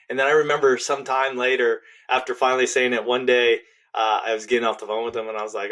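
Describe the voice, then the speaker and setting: A middle-aged man speaking as a podcast guest, sharing a personal story with real earnestness. His voice sits at an ordinary pitch, and he falls almost to a hush when the story turns tender. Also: level tone, fast talker. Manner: earnest, heartfelt, drops to a hush at tender moments. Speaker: podcast guest, relationship author.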